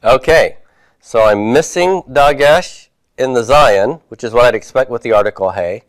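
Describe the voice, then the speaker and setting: Reviewing homework in a Hebrew class, a man patiently asks his students questions and then supplies the answers himself. He speaks at medium pitch and a moderate pace, with no room sound.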